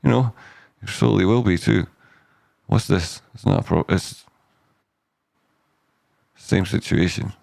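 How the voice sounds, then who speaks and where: A man's voice: sits low, slow, vocal fry, long pauses, a little mellow, dry recording, studio quality. A man hosting a casual live stock chart analysis, rambling and jokey, cutting himself off mid-sentence. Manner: rambling, self-interrupting, jokey asides.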